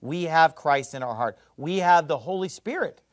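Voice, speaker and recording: A man preaching a sermon as pastor, emphatic and swinging between loud and hushed. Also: animated, normal speed, no echo, clean studio sound. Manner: emphatic, swings between loud and low, mimics others mockingly.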